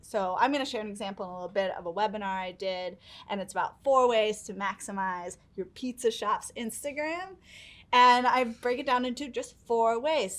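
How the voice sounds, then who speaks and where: A young woman giving tips in a casual chat, upbeat and quick to laugh. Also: on the high side. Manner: chatty, laughs often, upbeat. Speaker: guest giving presentation tips.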